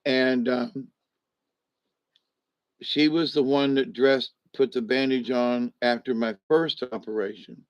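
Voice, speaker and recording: A man's voice: medium pitch, steady tone, takes it slowly, no room sound. A man recovering at home, lying in a rest position and a little wired on steroids, giving a casual, rambling, upbeat video update full of restarts. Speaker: vlogger. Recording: dull, lo-fi, dry sound.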